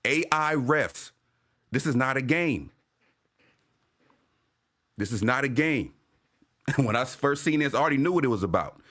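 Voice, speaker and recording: Man, fan livestream host, casual commentary, profane slang, excitable delivery. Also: mid-range voice, moderate pace, long pauses. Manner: animated, profane street slang, shouts out viewers. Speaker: sports fan show host.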